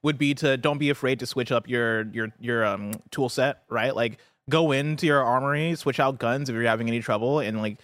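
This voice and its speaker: A man's voice: medium pitch, fairly bright tone, dry recording. A man co-hosting a casual gaming podcast, reacting eagerly and giving gaming tips. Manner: enthusiastic, quick reactions. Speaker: podcast co-host.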